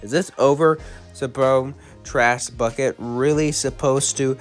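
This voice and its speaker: A man's voice: medium pitch, steady tone, slow pace, faint music behind, natural voice. A man voicing a brash, arrogant male angel warrior in a storybook retelling, speaking scornfully and bluntly.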